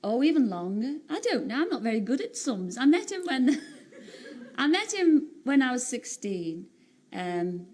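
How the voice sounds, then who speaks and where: A woman in her late thirties from Liverpool, speaking with a Liverpool accent as a talk-show guest, telling stories in a chatty, animated way and laughing often. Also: high voice, a little slow, a little hiss or hum. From Liverpool, England. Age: 30s. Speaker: singer and TV entertainer, guest. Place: TV studio.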